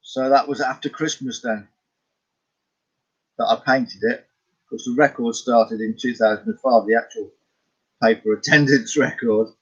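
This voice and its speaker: A man's voice: mid-range voice, steady tone, measured pace, pauses often, husky, lo-fi sound. A middle-aged Scottish man chatting casually about his paintings, rambling, chuckling and answering his own questions. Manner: rambling, chuckling, talks to himself. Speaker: artist vlogger.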